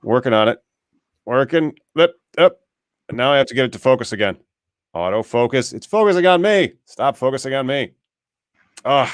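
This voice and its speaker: A man's voice: medium pitch, animated, normal speed, pauses often, clear, resonant tone, no echo. A man hosting a live podcast, chatting casually and wryly about news as it happens. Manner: chatty, wry, talks over tech trouble. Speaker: podcast host.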